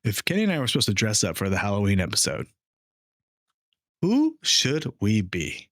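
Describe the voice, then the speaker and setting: A man co-hosting a casual podcast, talking in a loose, joking, animated way into a studio microphone. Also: lowish voice, normal speed, no room sound. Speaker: podcast co-host.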